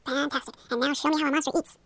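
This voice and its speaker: A woman's voice: high-pitched, fairly even intonation, rapid-fire, a bit bright, dry recording. A young woman leading a playful hypnosis role-play, coaxing and encouraging the listener. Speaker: hypnosis guide.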